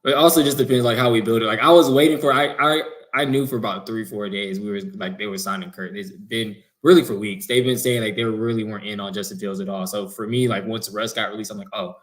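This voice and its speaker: Laid-back man, fairly low voice. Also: fairly even intonation. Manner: loose, filler-heavy, quick to agree. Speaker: podcast co-host. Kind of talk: casual sports chat.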